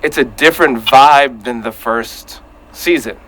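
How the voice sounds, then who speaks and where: A man hosting a casual podcast chat, talking in an animated way and acting out his reactions. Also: medium pitch, a little slow, poor audio. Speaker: podcast host.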